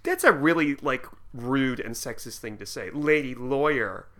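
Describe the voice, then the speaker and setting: A man's voice: mid-range voice, big pitch swings, moderate pace, bright, forceful tone. A man co-hosting a podcast, chatting casually and retelling scenes with strong opinions. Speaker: podcast co-host. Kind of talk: casual chat.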